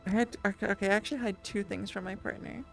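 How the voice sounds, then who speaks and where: A woman's voice: mid-range voice, fairly even intonation, fast, gravelly, faint music behind. A woman streamer chatting casually and rambling with her viewers, full of restarts and little laughs. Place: lying down at home.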